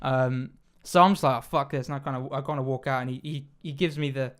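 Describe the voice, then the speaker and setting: A man's voice: mid-range voice, steady tone, fast, clear, resonant tone. A young man telling a rambling story in casual chat, with stammering restarts and frequent swearing. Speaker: podcast host.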